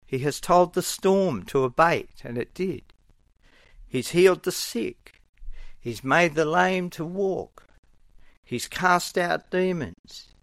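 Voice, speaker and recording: A man preaches a sermon at an unhurried, deliberate pace. His delivery is earnest and measured, and he briefly acts out the voices of characters. The sound is close and dry, with no room echo. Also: fairly high pitch, fairly bright tone.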